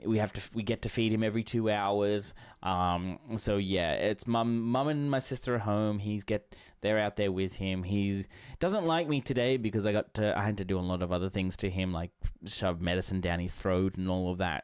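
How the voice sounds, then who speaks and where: A man streaming a game, talking casually and rambling warmly, with lots of fillers and restarts. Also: on the low side, clean tone. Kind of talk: casual chat while streaming. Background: faint background music.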